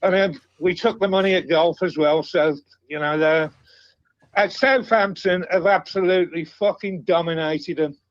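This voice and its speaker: A man's voice: high-pitched, steady tone, moderate pace, no room sound. A man calling into a football phone-in, blunt and swearing constantly. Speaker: caller. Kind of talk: casual phone-in call. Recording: dull muffled phone audio.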